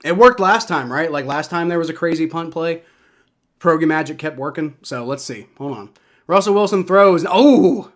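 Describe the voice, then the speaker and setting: Reacting to every play of a football game as it happens, a young man gets excitable and swears. His pitch is fairly high, and he talks at a normal speed.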